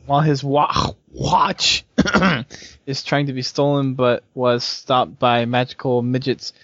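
A man's voice: mid-range voice, level tone, unhurried, gravelly, no room sound, muffled recording. A man co-hosting a casual gaming podcast, moving the show along and reading listener submissions aloud. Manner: keeps the show moving, reads submissions, laughs easily. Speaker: podcast co-host.

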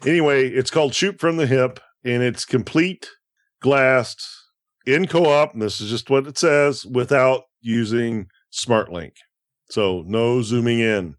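A man's voice: mid-range voice, measured pace, no room sound, clean studio sound. Matter-of-fact male co-host. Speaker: game podcast co-host. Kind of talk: casual gameplay commentary.

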